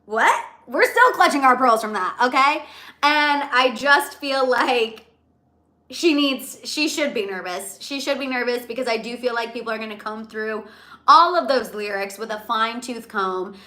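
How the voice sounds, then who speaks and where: Young female livestream host, high-pitched and chatty, repeats herself a lot while dishing celebrity gossip. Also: normal speed. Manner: chatty, animated, repeats phrases.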